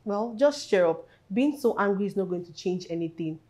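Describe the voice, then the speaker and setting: A woman's voice: mid-range voice, animated, moderate pace, dark tone, close to an everyday voice. An actress playing a teasing young woman comforting her friend, with a Nigerian accent. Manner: teasing, laughing.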